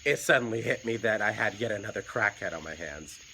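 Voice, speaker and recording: A man telling a story in a relaxed, unscripted way, with dry, profane asides and plenty of stammered restarts. His voice is bright and forward, with a faint hiss behind it. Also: lowish voice, fairly quick, rough recording. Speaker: hotel night clerk telling stories. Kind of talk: casual storytelling.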